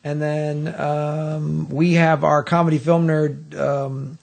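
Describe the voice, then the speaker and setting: A man's voice: on the high side, little pitch movement, slow, vocal fry, a little mellow. A man co-hosting a podcast in casual chat, rambling with lots of fillers. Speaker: podcast co-host.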